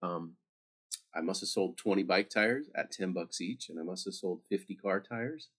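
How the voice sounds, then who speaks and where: A man's voice: low voice, moderate pace, fairly bright tone. A man teaching math over a screen recording, chatty and talking straight to his students with little asides.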